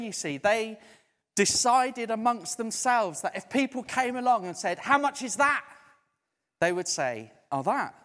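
Lively man preaching in a hall. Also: very high-pitched. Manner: lively, conversational, builds to emphatic points. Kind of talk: sermon. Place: church hall. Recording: echoey hall.

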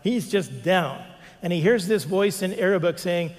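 A man's voice: high-pitched, moderate pace. A man preaching a sermon as pastor, telling stories with animation and acting out the quotes. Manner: animated storytelling, acts out quotes. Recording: long reverb of a large hall.

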